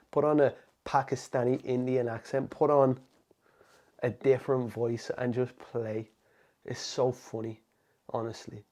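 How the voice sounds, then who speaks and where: A man's voice: medium pitch, mellow. A man, a motivational coach, talking straight to camera in an emphatic, casual way and calling the viewer "man". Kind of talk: direct-to-camera motivational talk.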